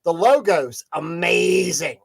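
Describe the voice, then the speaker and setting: A man's voice: a little high, big pitch swings, slow, creaky, slightly rough. A man co-hosting a casual live video chat, giving frank advice with frequent restarts. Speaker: co-host.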